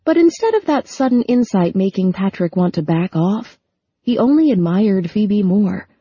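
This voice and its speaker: A woman narrating a romance novel as an audiobook, steady and even, close on the mic. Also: medium pitch, moderate pace, husky, dry recording, dull audio. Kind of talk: scripted narration.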